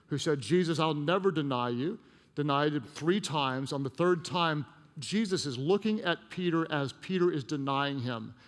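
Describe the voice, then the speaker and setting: Guy preaching a sermon, kinda gravelly, goes real quiet on the emotional bits, big echoey church. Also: a little high. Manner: storytelling, drops to a hushed voice for emotional moments. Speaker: pastor. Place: church auditorium.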